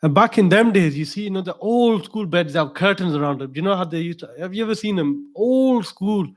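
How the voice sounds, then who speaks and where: A man's voice: high-pitched, animated, fairly quick. A man, a religious teacher telling a story in a talk, digressive and chatty with asides to the audience.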